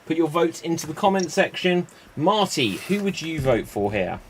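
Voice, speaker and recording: Man, improv show host, chatty, rambling, slightly raised pitch. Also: big pitch swings, moderate pace, husky. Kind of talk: live-streamed improv hosting.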